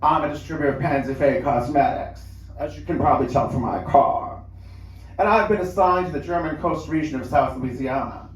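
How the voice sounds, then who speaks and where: A man puts on an eerie, doll-like woman with a hollow, mechanical way of talking. She speaks slowly and flatly and echoes back what she hears. The voice rings around a roomy lounge, caught from a distance. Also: on the high side, lightly acted. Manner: slow, flat, echoing others' words.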